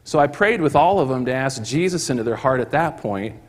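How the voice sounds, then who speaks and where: A man preaching a sermon in church, telling a story and acting out the voices of the people in it with rising excitement. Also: mid-range voice, a little fast. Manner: acts out quoted voices, rising to excited shouts. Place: church hall. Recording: long hall reverb.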